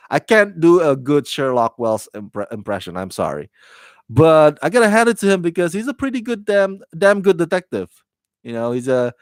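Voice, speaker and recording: A man's voice: medium pitch, no echo. Chatty man rambling through a TV review. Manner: rambling, self-correcting, chatty with fillers. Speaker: TV review host. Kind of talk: casual spoken review.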